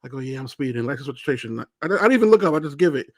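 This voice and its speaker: A man from Brooklyn telling stories in casual chat, acting out the other people's lines loudly. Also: medium pitch, racing, dry recording. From Brooklyn, New York. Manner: animated storyteller who acts out quotes loudly. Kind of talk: casual chat, animated storytelling.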